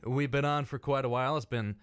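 A man's voice: medium pitch, fairly even intonation, moderate pace, smooth, no echo. A young man co-hosting a casual college radio talk show, rambling with lots of fillers and laughing often.

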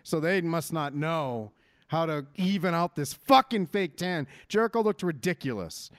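A man talks over wrestling in a lively, swinging voice that sits a little high for a man. He rants hard and swears freely. The sound is dry and close, with no room to it. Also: normal speed, dry recording. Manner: animated ranting, swears freely. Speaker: podcast co-host. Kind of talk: casual wrestling chat.

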